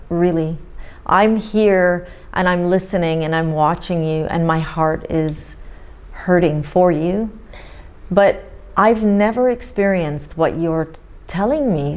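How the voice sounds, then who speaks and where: A woman hosting an interview, speaking in a gentle, reflective way. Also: fairly low pitch. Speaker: host. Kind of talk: supportive interview talk.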